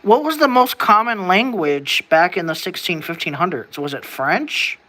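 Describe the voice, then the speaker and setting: Animated and moderately paced, this American vlogger's bright, sharp-edged mid-range voice wanders through casual musings to camera. Sentences keep stopping and restarting as questions pile up, and a swear word slips in now and then.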